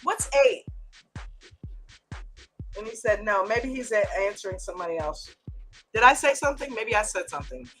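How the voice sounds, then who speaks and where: Lively, bright-voiced American woman host. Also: medium pitch, moderate pace, pauses often, faint music behind. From United States. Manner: playful, teasing, laughs often, greets viewers by name. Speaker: host of a trading chat stream. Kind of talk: casual live-stream chat.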